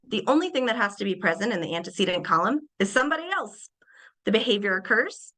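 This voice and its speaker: A young woman leads a webinar lecture with a bright, forward tone. She talks in an animated way and slips into quick character voices to act out everyday examples. Her pitch sits in an ordinary middle range for a woman. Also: rough recording. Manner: animated, acts out little scenes in changed voices. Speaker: behavior analyst presenter.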